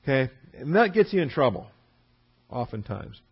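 A man's voice: mid-range voice, normal speed, husky. A man teaching a Bible class verse by verse, who acts out the people he quotes. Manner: lively, acts out quotes with a raised voice. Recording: dull lo-fi recording.

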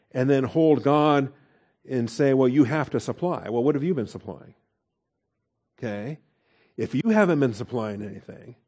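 A man teaches scripture verse by verse in a mellow, darker voice. He keeps asking his listeners questions and slows down to stress key words. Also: mid-range voice. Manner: asks rhetorical questions, stresses words slowly. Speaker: Bible teacher. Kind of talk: expository Bible teaching.

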